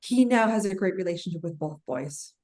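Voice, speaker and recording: A woman, a parental alienation coach, talking as a podcast guest and telling client stories with lively acted-out quotes. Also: lowish voice, brisk. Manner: animated storytelling, acts out clients' voices.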